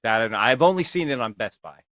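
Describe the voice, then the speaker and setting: A man on a casual panel chat, talking in a relaxed, agreeable way. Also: medium pitch, quick pace, no echo.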